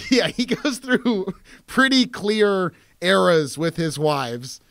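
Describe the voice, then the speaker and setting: A male podcast co-host riffs about movies in a joking, profane way. His voice sits high and moves around a lot. The sound is close and dry. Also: very animated, takes it slowly, creaky, fairly bright tone, no echo. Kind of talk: casual chat about films.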